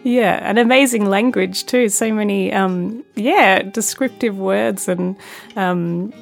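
A woman's voice: medium pitch, takes it slowly, creaky, faint music behind. A woman interviewing in casual chat, encouraging and full of praise.

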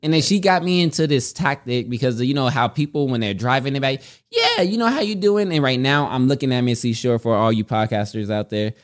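A man's voice: mid-range voice, fairly quick, hardly any pauses. A man co-hosting a casual podcast, telling stories in a rambling way and often repeating his words. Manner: rambling, repeats himself, animated storytelling. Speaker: podcast co-host. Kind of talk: casual chat. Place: home podcast setup.

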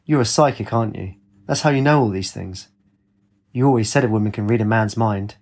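A man voicing a homeless, one-armed, cynical ex-Marine with a gravelly, blunt way of talking. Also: fairly low pitch, a little fast, a little mellow.

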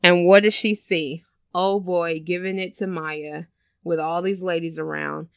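Speaking unhurriedly with a fairly low, creaky, clean voice and steady tone, a woman chats casually about a film she saw. The studio recording is clean with no room sound, and she narrates loosely with lots of "like"s and other fillers, acting out each scene.

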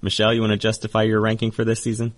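Guy hosting a podcast, really low voice, jokey and chatty. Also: monotone. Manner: joking, chatty, quick asides. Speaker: podcast host. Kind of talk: casual podcast chat.

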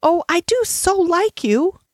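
A woman's voice: very high voice, animated, slow pace, dry recording, clean studio sound, voice pushed up, full character voice. A woman voicing a timid, awkward young schoolgirl who stammers and hesitates in a storybook reading. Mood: pleading.

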